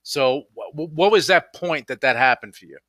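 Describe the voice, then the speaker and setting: A man's voice: fairly high pitch, moderate pace, sharp tone, dry recording. A man hosting a radio show who responds supportively and emphatically, stacking rhetorical questions. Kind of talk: interview.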